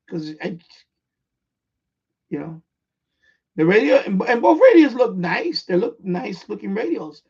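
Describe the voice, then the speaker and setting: A radio hobbyist live streamer, born in Puerto Rico and raised in the Bronx, talks with a New York accent in a casual, blunt chat that rambles and repeats itself. His voice is high, a little mellow and husky, with big pitch swings, vocal fry, a slightly slow pace and long pauses. The stream audio is dull and lo-fi.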